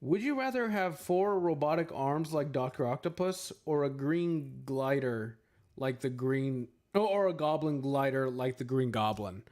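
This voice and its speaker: A man's voice: mid-range voice, expressive, unhurried, darkish tone. A man chatting casually on a livestream, answering questions in a rambling way, with lots of filler words, and joking at his own expense. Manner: playful, laughs at himself. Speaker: streamer answering chat questions.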